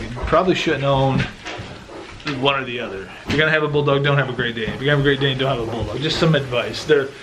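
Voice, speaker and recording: A man's voice: medium pitch, a bit bright. Middle-aged male vlogger, loose rambling home chat, noisy room. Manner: rambling, joking, self-interrupting. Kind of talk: casual vlog chat.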